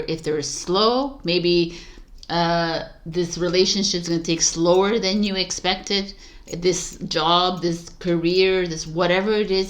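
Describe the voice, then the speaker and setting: A woman's voice: fairly low pitch, fairly bright tone. A woman giving a casual, chatty tarot reading, addressing her viewers directly and laughing at her own slips. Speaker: tarot reader.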